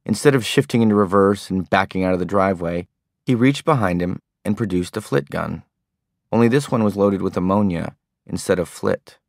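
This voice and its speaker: A man with a very low voice reads an audiobook in a calm, understated manner. He sounds close and dry, as if recorded in a quiet studio booth. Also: fairly quick, creaky, no echo. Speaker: audiobook narrator. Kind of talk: scripted narration.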